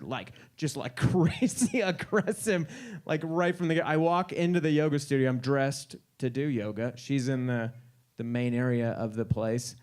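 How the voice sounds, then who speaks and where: A man in his thirties performs stand-up on a music venue's stage. His voice is mid-pitched and ordinary. He sounds wry and incredulous as he builds absurd stories. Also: darkish tone. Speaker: stand-up comedian. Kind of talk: stand-up comedy set.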